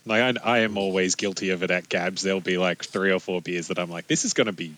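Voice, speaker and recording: A man chats easily in a lowish voice. He keeps his tone relaxed and laughs through some of his lines. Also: quick pace. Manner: relaxed, laughs while talking. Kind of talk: casual chat.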